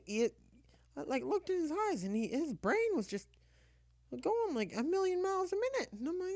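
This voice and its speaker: A woman telling a comic personal story in casual chat, animated and filling every pause with "you know", acting out her own lines. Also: sits high, no room sound, clean studio sound.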